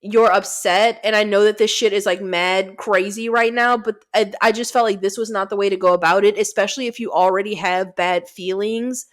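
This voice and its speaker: A woman co-hosting a podcast, recapping a movie in casual chat, cursing freely and jumping into quick asides. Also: mid-range voice. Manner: profane, animated retelling with quick asides. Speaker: podcast co-host.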